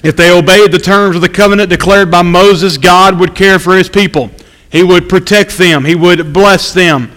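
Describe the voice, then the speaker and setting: A man preaching an evening sermon, reading scripture aloud and slowly repeating his key points for emphasis. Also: high voice, fairly even intonation, fairly bright tone, long reverb tail, low-quality recording.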